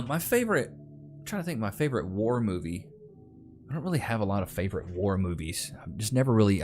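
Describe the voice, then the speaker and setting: Speaking in a lowish, slightly mellow voice, a young man with a Northeast Texas Southern accent drawls through viewer comments on a casual live stream. Soft music can be heard faintly underneath.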